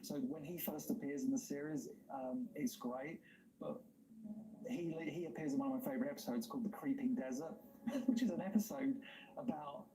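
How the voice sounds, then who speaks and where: A man's voice: a little high, sing-song, normal speed, background noise. A man hosting a livestream in casual chat, talking enthusiastically and rambling, with frequent laughs. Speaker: livestream host.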